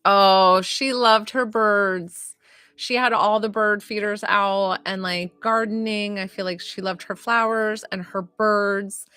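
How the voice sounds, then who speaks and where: A woman working as a psychic medium, giving live readings to viewers in a warm, rambling way with lots of filler words. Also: medium pitch, steady tone, takes it slowly, clear, resonant tone, dry recording. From northern United States.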